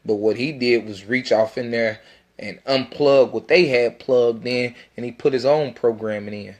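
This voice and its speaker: A man's voice: mid-range voice, normal speed, darkish tone. Profane, rambling man. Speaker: independent rapper. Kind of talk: casual self-recorded monologue.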